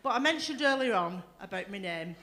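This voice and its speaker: A woman's voice: medium pitch, animated, fairly quick, bright, forceful tone. A woman doing a bawdy stand-up comedy set, swearing freely and laughing through her lines. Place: comedy club stage.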